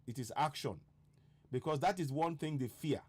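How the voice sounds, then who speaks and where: A man's voice: a little high, normal speed, darkish tone, slightly rough. A man giving an impassioned political broadcast, urgent, repeating rhetorical questions. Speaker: online broadcaster.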